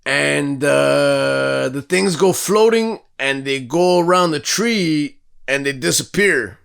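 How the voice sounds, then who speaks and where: A man's voice: a little high, takes it slowly, gravelly, smooth. A man co-hosting a podcast, telling a story in casual, profane talk and acting out what people said. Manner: profane, animated, acts out quotes. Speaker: podcast co-host.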